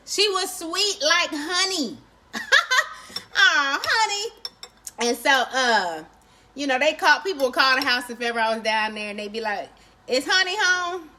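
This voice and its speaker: Chatty woman livestream host, high and bright, friendly casual banter with viewers. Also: a little hiss or hum. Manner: chatty, greets viewers by name, laughs often.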